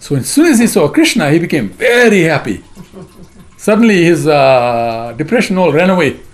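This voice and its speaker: Man teaching a devotional class, chatty storytelling, animated swinging pitch. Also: moderate pace. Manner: chatty, keeps asking "right?" and "you know what I mean?".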